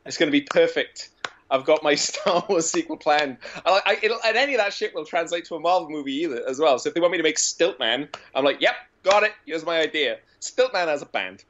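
A man, a guest on a podcast, pitching silly ideas in an animated, profane, joking way. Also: quick pace, slight background noise. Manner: animated, profane comic storytelling. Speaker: guest filmmaker. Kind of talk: casual podcast chat. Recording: dull lo-fi audio.

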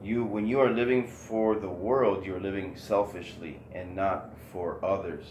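A man's voice: low voice, fairly even intonation, unhurried, darkish tone, echoey room, slight background noise, low-quality recording. A man giving an informal, earnest talk on scripture, rambling with many restarts and emotional, close to tears. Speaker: online religious talk host.

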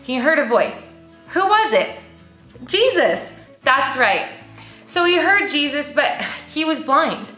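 High, lively young woman teaching preschoolers. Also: takes it slowly. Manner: animated, sing-song, asks the kids questions. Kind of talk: children's Bible lesson. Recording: roomy echo with faint music.

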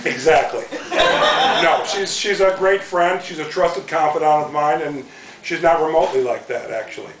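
A man's voice: fairly high pitch, moderate pace, heavy background noise. A middle-aged man reads his own book to a live audience in a bookstore, often laughing, and then takes their questions. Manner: amused, breaking into laughter while reading. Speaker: author reading from his book. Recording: roomy, from a distance.

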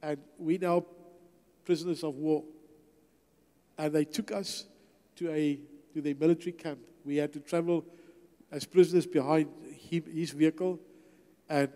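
An older man tells his testimony in a church hall and acts out every exchange as he goes. His voice sits a touch high for a man but sounds mellow and unforced. A long reverb trails behind each phrase. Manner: storytelling, acts out dialogue. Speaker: guest speaker. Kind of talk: testimony sermon.

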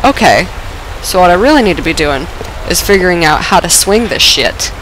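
Sick woman gamer with a lively, swooping voice. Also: on the low side, normal speed, a little hiss or hum, low-quality recording. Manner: excitable, swears and laughs often, self-mocking. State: sick, voice lowered and rough with a dry cough. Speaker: let's play gamer. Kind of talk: casual gameplay commentary.

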